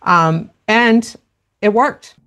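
A woman's voice: mid-range voice, extremely slow, fairly bright tone. A woman guest in a conversational interview, explaining parenting in an earnest, practical way and acting out little quoted exchanges.

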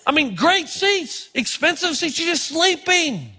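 A middle-aged man preaching a sermon, telling stories with animated, sometimes shouted emphasis. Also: very high-pitched, a little slow. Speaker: pastor. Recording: long reverb of a large hall.

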